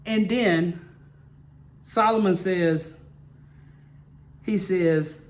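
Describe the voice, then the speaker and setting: Slow-talking man teaching a Bible lesson. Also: high-pitched. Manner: repetitive, keeps checking in with listeners by asking "okay?". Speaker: ministry teacher.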